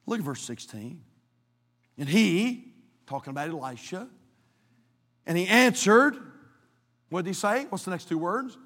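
A male pastor preaching a dramatic sermon, swinging from hushed tones to shouting, in a church sanctuary. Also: sits high, sing-song, unhurried, long pauses, long reverb tail.

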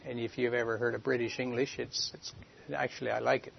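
Halting man giving Bible teaching, lo-fi. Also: mid-range voice, flat delivery, creaky, slight background noise. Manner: halting, searching for words. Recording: dull lo-fi recording.

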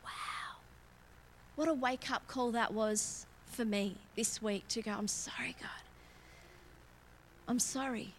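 A woman's voice: a little high, steady tone, measured pace, slight background noise. A woman preaching a candid, conversational sermon in church, self-mocking and laughing often. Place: church auditorium.

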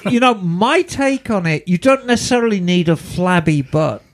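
A woman's voice: fairly low pitch, animated, moderate pace. A woman co-hosting a casual podcast chat, playful and joking. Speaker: co-host.

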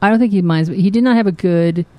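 Female podcast co-host, lively and outspoken, mid pitch. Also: quick pace, dry recording, lo-fi sound. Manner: expressive, laughs often, outspoken. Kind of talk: casual chat.

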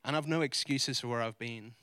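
A male pastor preaching a sermon, earnest and confessional, moving between loud emphatic preaching and quiet, vulnerable admission. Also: mid-range voice, brisk, no echo, clean studio sound. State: close to tears. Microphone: handheld or stage mic.

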